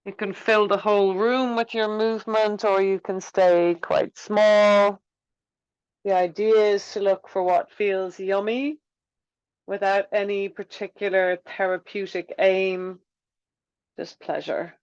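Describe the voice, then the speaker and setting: Woman yoga teacher, calm unhurried guidance, dry close sound, a touch muffled. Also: medium pitch, smooth, dry recording. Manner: gentle, unhurried guiding. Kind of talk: guided movement class. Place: room with wooden floor.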